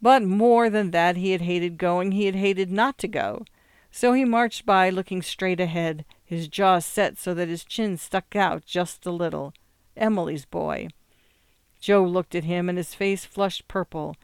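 A woman narrating a story in a steady, measured reading voice. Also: lowish voice, clear, resonant tone, no echo, clean studio sound. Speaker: audiobook narrator.

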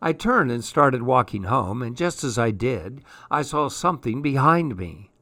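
Slow, steady male story reader. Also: medium pitch, no echo. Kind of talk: storybook reading.

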